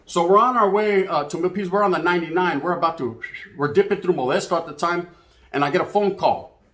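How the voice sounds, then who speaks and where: A man's voice: high voice, fast, fairly bright tone. A man telling a street story in casual, profane slang, dropping in Spanish words. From California.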